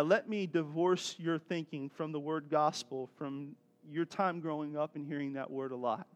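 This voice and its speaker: A man preaching a sermon as pastor, telling stories in a lively, conversational way and laughing often. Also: fairly high pitch. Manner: animated storytelling preacher, acting out voices.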